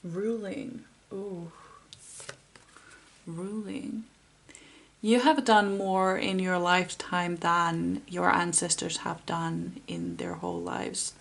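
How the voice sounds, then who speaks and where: A woman giving a pick-a-card tarot reading, talking softly and encouragingly with frequent pauses and fillers. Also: lowish voice, little pitch movement, vocal fry. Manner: soft, unhurried and encouraging, with many fillers.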